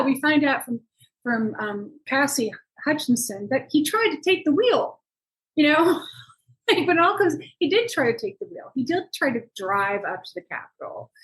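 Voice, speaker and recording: A woman being interviewed about her reporting work tells a story in a lively, conversational way. She acts out what people said, and her voice jumps up in pitch when she quotes them. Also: low-quality recording. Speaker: journalist guest.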